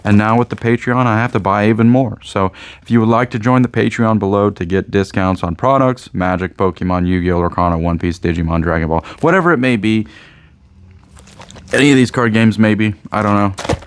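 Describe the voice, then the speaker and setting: A man's voice: lowish voice, steady tone, a little fast, smooth, no room sound. A man with a Midwestern American accent, a card shop owner rambling casually to camera, joking and repeating himself. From Indiana, USA.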